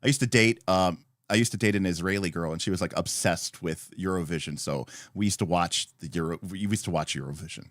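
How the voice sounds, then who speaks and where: A man's voice: sits low, fairly quick, fairly bright tone, no room sound, studio quality. A man hosting a casual livestream, chatty and rambling as he greets viewers by name. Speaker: livestream host.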